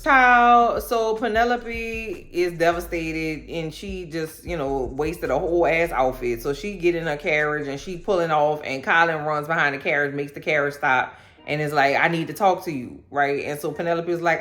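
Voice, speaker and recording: A woman recaps a show in a loose, slangy chat. She acts out the characters' lines as she goes, and her voice sits a little low. Faint music plays underneath. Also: moderate pace. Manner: animated, slangy storytelling with acted-out quotes. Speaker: recap vlogger.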